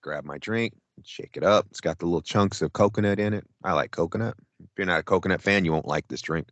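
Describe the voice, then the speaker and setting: Low-pitched and quick, with no echo on the recording, this podcast co-host rambles through a story in casual, foul-mouthed conversation. He's animated and performs his own quotes as he goes.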